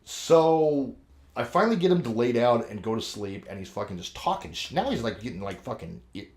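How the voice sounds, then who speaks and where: Brisk and mid-range in voice, this podcast co-host, an adult show regular with kids, spins a meandering, profanity-laced story during casual conversation. He's animated and performs the quotes of the people involved.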